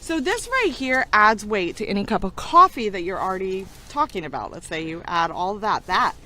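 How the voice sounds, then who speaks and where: A woman's voice: mid-range voice, big pitch swings, normal speed, sharp tone. A woman co-hosting a casual product review, chatty and frank, laughing often. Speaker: co-host.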